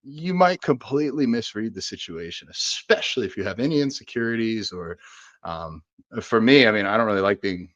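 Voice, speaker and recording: A man's voice: lively intonation, a little fast, fairly bright tone, dry recording, dull audio. A man co-hosting a podcast in casual chat, self-deprecating, acting out quoted conversations with big jumps in his voice. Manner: acts out quoted exchanges with big pitch jumps; self-deprecating, says he is an introvert. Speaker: podcast co-host.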